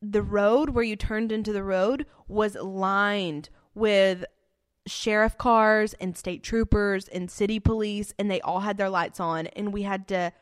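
A young woman telling a story in casual chat, animated and full of fillers, laughing often as she goes. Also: mid-range voice, a little slow.

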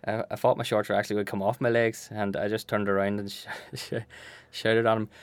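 A man's voice: on the low side, little pitch movement, fast talker, clear, resonant tone, no room sound. Amused Belfast man telling a story. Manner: amused, laughs while telling. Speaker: footballer guest. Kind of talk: telling an anecdote.

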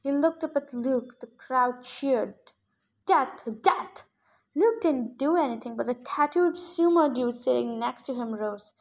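Female audiobook reader, high pitched, expressive narrator. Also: moderate pace, hardly any pauses. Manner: expressive first-person narration. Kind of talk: reading a novel aloud.

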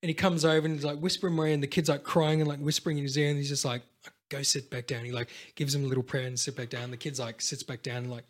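A man's voice: on the high side, racing, few pauses. A man, telling long rambling stories in casual, profane chat. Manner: rambling, profane, animated storytelling. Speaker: podcast co-host.

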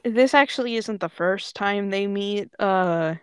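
Chatty woman co-host, smooth tone, giggly storytelling. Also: medium pitch, a little slow, dry recording. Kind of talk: casual narrated role-play.

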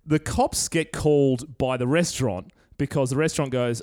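An Australian man co-hosting a casual comedy podcast, telling stories with frequent laughter and gruff quoted voices. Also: mid-range voice, normal speed, darkish tone. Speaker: podcast co-host.

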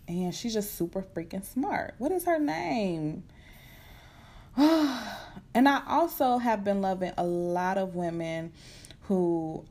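Casting: young woman, lower-pitched voice, chatty unscripted podcast host, talks fast with fillers. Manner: chatty, animated, fast-talking with many fillers. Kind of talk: casual unscripted chat. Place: home at night. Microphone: computer setup at home.

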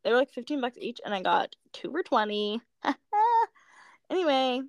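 A young woman with a fairly high voice that swings all over as she tells a story. She giggles a lot and sounds tired. The sound is dry and close, with no room around it. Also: expressive, normal speed, no echo. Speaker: podcast co-host. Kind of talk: casual chat.

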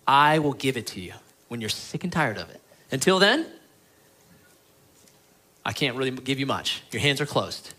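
A man's voice: medium pitch, very animated, normal speed, long pauses. Earnest man preaching a sermon. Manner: earnest, pleading, shifts between emphatic and quiet tones. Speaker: pastor. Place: church.

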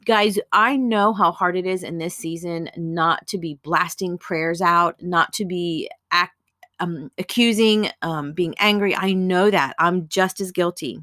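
Woman, devotional Bible teaching and prayer, earnest, chatty, lowish voice, dry sound. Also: unhurried, fairly bright tone, dry recording. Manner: earnest, conversational, with casual fillers.

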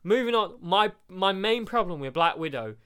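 A man with a smooth, clear voice, pitched a little high, chatting casually as a podcast co-host. He is blunt and opinionated, swears now and then, and has a lingering cough. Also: expressive, moderate pace, fairly bright tone. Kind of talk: casual chat.

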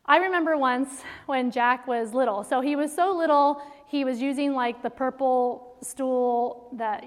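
A middle-aged woman with a high voice tells stories to a room of mothers in a lively, faith-based talk. She laughs often and keeps things animated. Her voice rings with the long reverb of a large hall. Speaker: speaker to moms.

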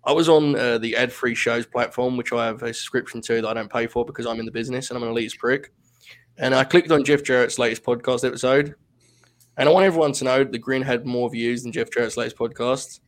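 A man's voice: medium pitch, fairly even intonation, fast. A man in the middle of his range co-hosts a podcast in loose, casual chat. He laughs a lot, swears freely and drifts into rambling asides as he talks. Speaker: podcast co-host.

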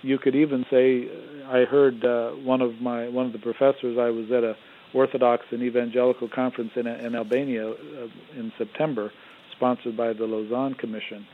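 A man speaking as a guest theologian on a call-in radio show, measured and explanatory, pausing on little fillers. His voice sits at an ordinary middle pitch. It comes through narrow and phone-like. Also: level tone.

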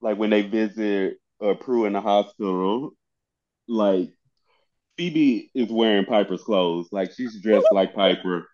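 A laid-back man chatting as a podcast co-host, dropping chuckling asides. His voice is fairly low, and the sound is dull and lo-fi. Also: measured pace, a little mellow. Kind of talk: casual chat.

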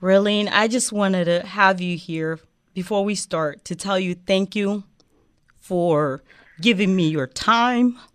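A woman's voice: mid-range voice, slow, dry recording, studio quality. A woman from Africa, hosting a heartfelt interview show, earnest and emotional with many fillers. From West Africa. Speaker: show host.

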